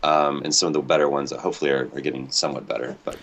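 A male interview guest on an internet call rambles and pokes fun at himself from his home near an airport, faint aircraft noise audible. His rumbling low voice races along, gravelly and a touch bright, with fairly even intonation.

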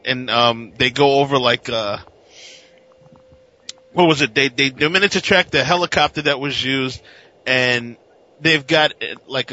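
A man casually recapping a comic, animated, acting out characters in silly voices. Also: mid-range voice. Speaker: comic book podcast co-host. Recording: dull lo-fi recording.

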